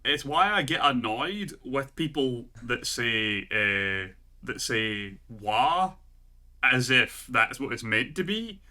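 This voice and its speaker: A Scottish man co-hosting a podcast, chatty and loose, with plenty of laughter. His voice is bright and cutting, at a mid pitch for a man. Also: big pitch swings, takes it slowly, hardly any pauses. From Scotland. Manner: chatty, laughs often, heavy use of "like". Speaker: podcast co-host. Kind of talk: casual chat.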